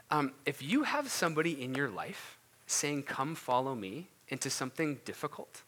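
Guy preaching, bright tense voice, kinda high, loose and chatty like he's talking to friends. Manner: animated, conversational preaching with restarts and laughs. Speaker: pastor. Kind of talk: sermon.

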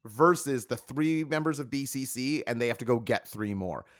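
A man's voice: mid-range voice, moderate pace, no echo, studio quality. Chatty male wrestling podcast host. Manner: talkative, joking, plugs the channel. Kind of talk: casual review chat.

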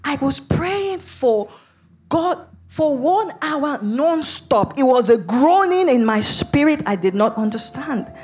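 A woman's voice: high-pitched, sing-song, normal speed, darkish tone. A woman preacher telling her testimony in a sermon, dramatic and vivid, with sudden emphatic bursts. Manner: speaks in tongues.

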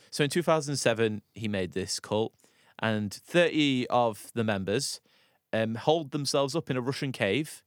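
A man's voice: medium pitch, dry recording, studio quality. A young man telling a story in casual chat as a podcast co-host, rambling and laughing with many restarts.

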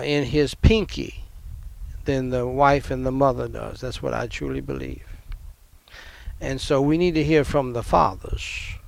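A man's voice: medium pitch, creaky. An older man, a pastor, preaching a sermon in a conversational way, repeating phrases and adding asides.

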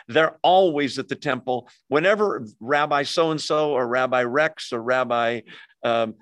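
Man, sermon, conversational, animated storytelling, dry sound. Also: medium pitch, dry recording. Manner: conversational, animated storytelling with quick asides to the congregation. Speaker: pastor.

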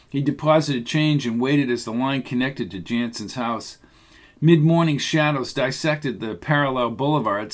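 Male narrator, mid pitch, steady even storytelling read. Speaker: audiobook narrator. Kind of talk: scripted narration.

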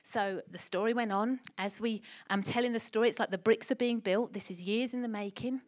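A middle-aged woman preaching a sermon in an emphatic, animated way, asking the church rhetorical questions. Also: fairly high pitch, a little fast.

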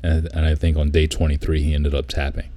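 A man's voice: extremely low pitch, little pitch movement, fairly quick, mellow, no room sound. A man chatting casually, telling a story with lots of swearing and mimicking people. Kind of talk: casual chat.

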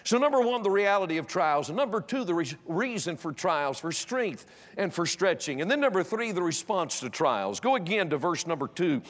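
Older male preacher, slightly high-pitched, emphatic pulpit delivery, recorded in a long-reverb auditorium. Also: very animated, moderate pace. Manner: emphatic, swings from loud exhortation to hushed storytelling. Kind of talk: sermon. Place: church auditorium.

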